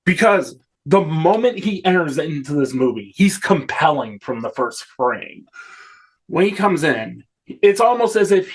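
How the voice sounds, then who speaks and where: Lively casual man talking movies. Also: a little high, unhurried, slightly rough. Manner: enthusiastic, swears casually. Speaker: podcast co-host. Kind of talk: casual film discussion.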